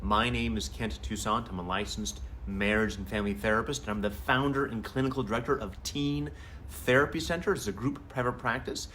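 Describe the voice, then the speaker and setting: A man, a family therapist, hosting a live advice talk in a conversational, animated way. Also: fairly low pitch, a little fast, a little hiss or hum. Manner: conversational and animated, acts out quotes.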